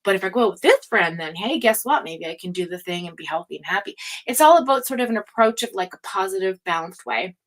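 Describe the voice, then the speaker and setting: A woman's voice: medium pitch, lively intonation, fast talker, poor audio. A woman giving a casual, rambling tarot reading, full of fillers and asides. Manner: chatty, rambling, frequent fillers and laughs. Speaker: tarot reader.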